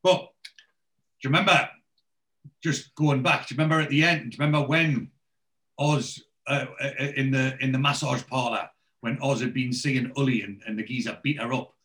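A man's voice: mid-range voice, normal speed. Casual man retelling TV scenes. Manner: animated storyteller, many fillers and restarts. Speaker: podcast host recapping a TV series. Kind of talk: casual chat, retelling scenes with quoted dialogue.

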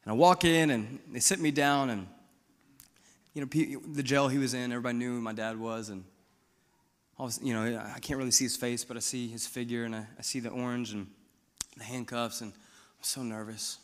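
A man's voice: mid-range voice, fairly even intonation, brisk, long reverb tail. A pastor from Missouri preaching a sermon, telling his testimony in a bold, outspoken, conversational way.

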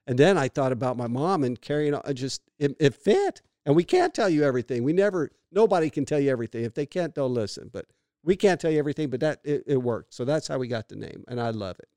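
A middle-aged man co-hosting a podcast, telling stories in a lively way and laughing often. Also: mid-range voice, fast talker, no echo. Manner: animated storyteller who laughs often. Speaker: podcast co-host. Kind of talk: casual chat.

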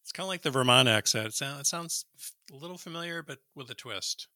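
A man in casual podcast chat, relaxed and wry. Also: mid-range voice, fast, no room sound, clean studio sound.

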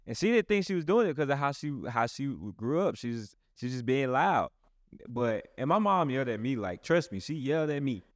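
A man's voice: mid-range voice, big pitch swings, fairly quick, no room sound, studio quality. A man, a pastor hosting a casual chat, who talks in a rambling way with many restarts. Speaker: pastor and host.

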